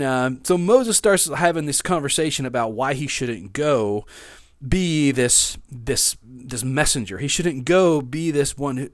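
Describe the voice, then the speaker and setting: A man's voice: mid-range voice, no room sound, clean studio sound. A man preaching a sermon, reading scripture aloud with expression and talking to his listeners in an easy, conversational way. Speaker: pastor.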